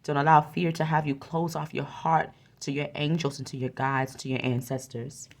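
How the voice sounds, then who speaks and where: A woman's voice: sits low, little pitch movement, normal speed. A woman giving an oracle card reading, speaking earnestly and encouragingly and often repeating her phrases. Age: adult with a young son.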